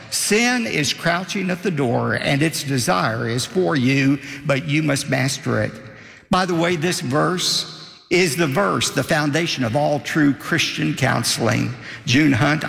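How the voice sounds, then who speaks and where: A man's voice: medium pitch, expressive, unhurried, vocal fry, fairly bright tone. An older man pastor delivering an emphatic sermon, lifting his voice when quoting scripture. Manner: emphatic preaching, rising for quotes. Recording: long hall reverb.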